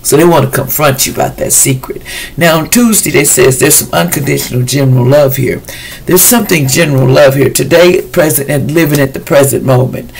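A man's voice: a little high, a little fast, creaky, a little hiss or hum, rough recording. A man giving a casual weekly tarot reading, chatty and slangy, talking straight to his viewers. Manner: chatty, loose and slangy, addresses viewers directly. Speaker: tarot reader.

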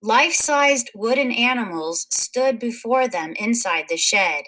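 Slow, bright-voiced woman reading aloud. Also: a little high, rough recording. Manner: slow, expressive read-aloud. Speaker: story reader. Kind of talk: reading a picture book aloud to young children.

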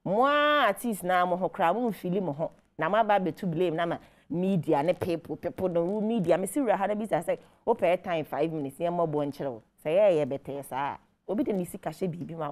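A woman with a Ghanaian accent hosts entertainment news, giving emphatic, scolding commentary that mixes Twi and English. Her voice is lowish and darkish in tone, animated throughout.

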